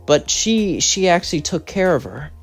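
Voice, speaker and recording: A man's voice: on the high side, sing-song, moderate pace, vocal fry. Male storyteller, casual fan-fiction narration, long run-on sentences, faint music bed.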